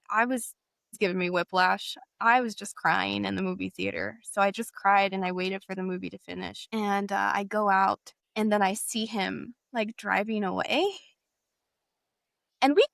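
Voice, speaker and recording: A woman's voice: medium pitch, gravelly, a bit bright, dry recording. Young Texan woman telling her story, dry close sound. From Texas. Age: young adult. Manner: casual, heavy use of "like", acts out past dialogue. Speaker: interview guest. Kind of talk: personal storytelling in an interview.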